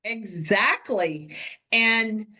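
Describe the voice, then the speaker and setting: A woman's voice: mid-range voice, extremely slow, sharp tone. A woman co-hosting a podcast as a coach, talking bluntly and animatedly, laughing often. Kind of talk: casual podcast chat.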